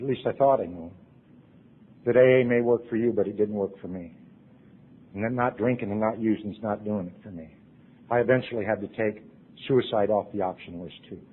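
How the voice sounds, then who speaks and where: A middle-aged man giving an earnest personal testimony to a recovery convention audience, swinging from loud to hushed. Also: medium pitch, husky. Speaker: recovery meeting speaker. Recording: tinny lo-fi tape recording.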